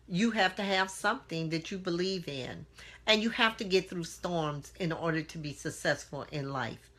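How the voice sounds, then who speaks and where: A woman hosts her own live motivational stream, speaking earnestly into a phone or webcam. Her voice is bright and forceful, pitched a little low, and she keeps asking her viewers questions and greeting them by name.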